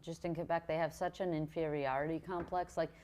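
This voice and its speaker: A woman's voice: sits low, brisk. A woman from Montreal, chatting as a podcast guest and telling stories with lots of restarts and swearing. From Montreal, Canada. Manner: animated storytelling, swearing, frequent restarts. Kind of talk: casual chat.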